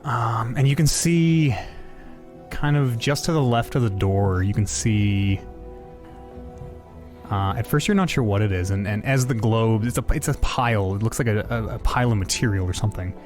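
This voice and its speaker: A man narrating a tabletop game as game master, hesitant and animated, with many pauses and restarts. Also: lowish voice, faint music behind.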